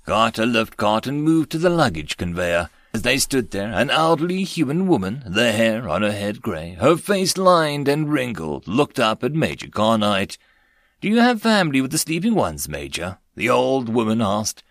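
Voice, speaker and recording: A man narrating a web-novel audiobook in an expressive storytelling manner, close to the mic. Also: medium pitch, no room sound.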